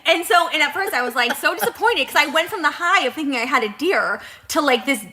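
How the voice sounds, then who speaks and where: A woman's voice: sits high, expressive, fast, sharp tone. A woman co-hosting a podcast in casual chat, telling a story animatedly and acting out her own reactions. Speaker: podcast co-host.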